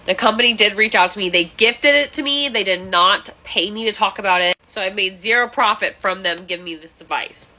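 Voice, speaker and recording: A young adult woman telling a casual storytime vlog about her tenant, animated and exasperated. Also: medium pitch, fairly quick, hardly any pauses, low-quality recording. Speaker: landlord vlogger.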